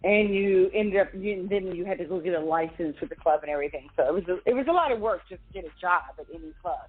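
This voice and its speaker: A woman's voice: on the low side, fast talker, breathy edge. Valley girl-sounding woman on a tinny line. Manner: animated, laughing storyteller with a Valley girl way of talking. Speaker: podcast guest. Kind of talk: storytelling in a casual interview.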